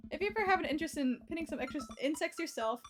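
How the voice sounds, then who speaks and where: High-voiced woman streamer reading game lines. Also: very fast, soft background music. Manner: animated, laughs often, swears at misses. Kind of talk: reading game dialogue aloud while playing.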